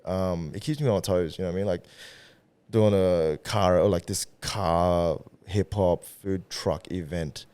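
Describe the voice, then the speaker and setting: A man's voice: sits low, a little slow, clear, resonant tone. A man in his thirties, a podcast guest talking casually and with energy, swearing freely and acting out what people say. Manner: animated, swears freely, acts out quoted voices. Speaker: podcast guest, event organizer and rapper. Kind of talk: casual conversational interview.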